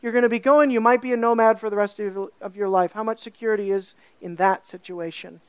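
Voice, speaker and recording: With a smooth, medium-pitched voice in a dry recording, a woman preaches animatedly. Questions to her audience punctuate the sermon, and she slows down to stretch key words for weight.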